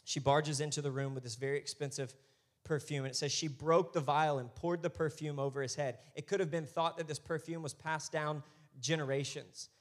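Animated pastor preaching. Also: male voice, fairly high pitch, fairly quick. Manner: animated, swings from hushed to loud and emphatic. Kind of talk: sermon.

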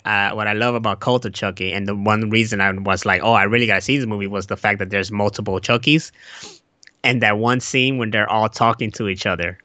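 Excitable man, casual swearing chat. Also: no echo. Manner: excitable, swearing, jumps into high put-on voices when quoting. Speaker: podcast co-host.

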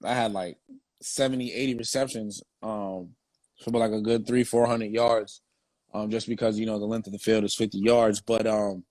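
A man's voice: on the low side, steady tone, normal speed, darkish tone, no echo. A young man, a former football player, telling his story in casual, slang-heavy, profane talk.

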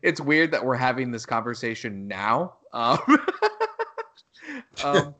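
A man's voice: medium pitch, animated, moderate pace, bright, forceful tone. A man co-hosting a podcast, talking in a loose, rambling way with plenty of swearing, and acting out lines in a raised voice. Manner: rambling, profane, laughs at own quotes. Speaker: podcast co-host. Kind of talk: casual podcast chat.

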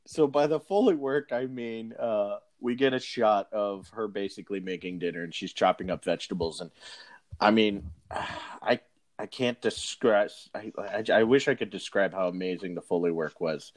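A man's voice: fairly low pitch, moderate pace. A man hosting a casual movie review podcast, talking in a rambling way with many fillers and restarts. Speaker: podcast host.

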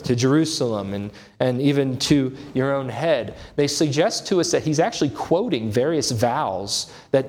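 A man's voice: mid-range voice, darkish tone. A man preaching an expository sermon, earnest and emphatic, his voice rising on key points.

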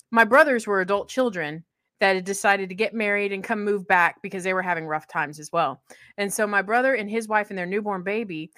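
A young adult woman warmly telling a personal story in casual conversation, laughing often mid-sentence. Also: mid-range voice, no echo, studio quality.

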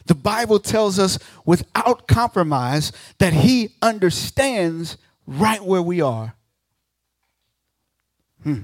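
A man with a high voice preaches slowly and deliberately from a church pulpit, acting out the speakers he quotes. His delivery swings between ringing declarations and hushed near-whispers. The sound is close and dry, with little room echo. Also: big pitch swings. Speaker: guest pastor. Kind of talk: preaching a sermon.

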